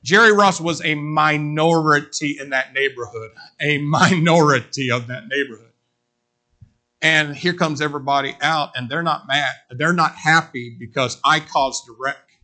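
A man preaching a sermon, telling a story in an animated way and speaking straight to his congregation. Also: a little high, a little slow. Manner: animated, addresses the congregation directly.

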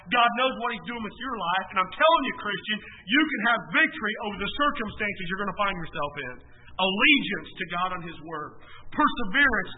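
A man preaching a sermon as a pastor, emphatic, swinging between loud swells and soft drops. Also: sits high, a little hiss or hum. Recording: echoey hall, tinny phone-like sound.

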